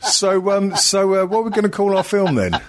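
A man's voice: sits high, lively intonation, a little fast, noisy background. A man co-hosting a crude comedy podcast, joking and rambling with plenty of fillers and restarts. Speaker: podcast co-host.

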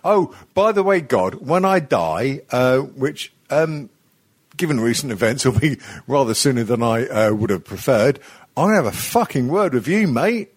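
A man's voice: medium pitch, sing-song, normal speed, husky, no room sound. A man hosting a podcast, rambling and swearing freely with self-mocking humour. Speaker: podcast host. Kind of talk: casual podcast chat.

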